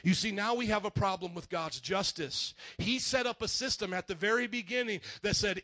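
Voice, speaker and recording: A male pastor preaching a sermon in church, animated and joking, speaking straight to the congregation. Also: high-pitched, moderate pace, few pauses, no room sound.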